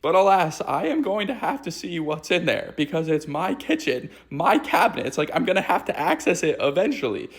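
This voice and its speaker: A man telling comedic stories to the camera in an exaggerated, animated way, at home in his kitchen. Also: high-pitched, moderate pace, few pauses, husky, dry recording. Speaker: storyteller. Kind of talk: comedic storytime monologue.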